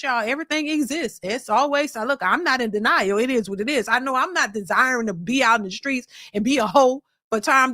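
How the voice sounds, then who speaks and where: A woman hosts a casual reaction commentary with a high, bright-pitched voice. She rants emphatically and profanely, often stumbling and repeating words. The sound is dry and close. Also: no echo. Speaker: host.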